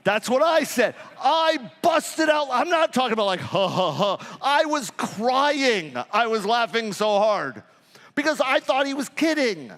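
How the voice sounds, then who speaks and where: A man speaks at a conference in a fairly high voice that swings up and down a lot, telling stories with jokes and a lot of swearing. The sound carries a long reverb from a large hall. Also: measured pace. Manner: profane, joking, animated storytelling. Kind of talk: live conference talk.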